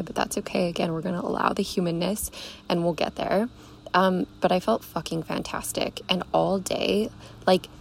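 A young woman hosts a podcast as a coach, her lowish, creaky voice carrying an emphatic, casual motivational talk over slight background noise. She swears freely and calls the listener babe.

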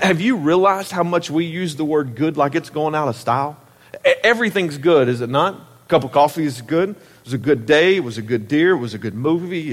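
A man preaching a folksy, joking sermon to his church. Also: a little high. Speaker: pastor. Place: large church sanctuary. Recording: echoey church hall.

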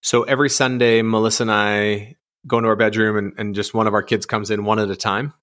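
Fast-talking low-voiced man. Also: flat delivery, fairly bright tone. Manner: fast, chatty storytelling with many fillers. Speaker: guest, father. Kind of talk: casual podcast conversation.

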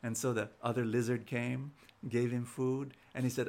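Creaky-voiced preacher. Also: male voice, mid-range voice, moderate pace. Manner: animated storyteller, repeats words as he starts sentences. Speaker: preacher and show host. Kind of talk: inspirational sermon with storytelling.

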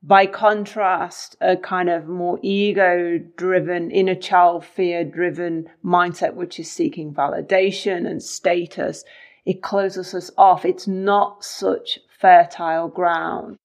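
A woman co-hosting a podcast who speaks in a measured, deliberate way and sums up the ideas under discussion. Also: lowish voice, fairly even intonation. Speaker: podcast co-host. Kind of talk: reflective podcast conversation.

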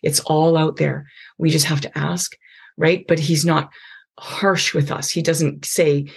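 A woman's voice: low voice, fairly even intonation, measured pace, gravelly, husky. A middle-aged woman hosting a podcast, talking earnestly about faith and parenting with many restarts and tag questions. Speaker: podcast host. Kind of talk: conversational advice on faith and parenting.

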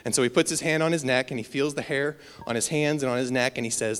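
A man's voice: mid-range voice, fast, hardly any pauses, clean tone. A man giving a casual, storytelling sermon, with fillers and self-deprecating asides. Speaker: preacher. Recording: long hall reverb.

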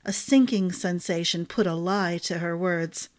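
A woman narrating a fantasy novel chapter in a calm, measured storytelling voice. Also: on the low side.

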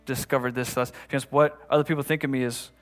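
Pastor preaching over soft guitar. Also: male voice, mid-range voice, little pitch movement, fast talker. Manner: conversational preaching, repeats phrases, stammering restarts; rises to emphatic, louder passages. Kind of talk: sermon.

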